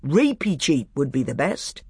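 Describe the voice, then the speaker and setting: A man voicing a gruff, blunt dwarf in an audiobook. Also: medium pitch, big pitch swings, a little slow, a little mellow, no echo, clean studio sound, heavily acted. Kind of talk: audiobook character voice.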